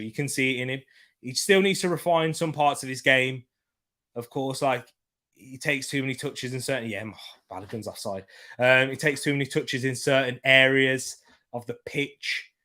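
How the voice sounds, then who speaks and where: Male host, casual live football watchalong commentary, rambling and repetitive, mid-pitched voice, chatting with his viewers. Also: a bit bright. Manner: rambling, repeats himself, reads out chat comments.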